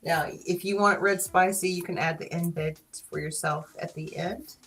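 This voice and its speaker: A woman with a Southern US accent hosting a casual live stream, playful and teasing, quick to laugh. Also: on the low side, steady tone, fairly bright tone, soft background music, low-quality recording. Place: small studio.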